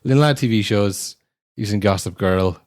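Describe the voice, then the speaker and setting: A man's voice: on the low side, moderate pace, a little mellow, no room sound, clean studio sound. A man co-hosting a podcast, reviewing a film in casual chat, wry and rambling, swearing now and then. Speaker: podcast co-host.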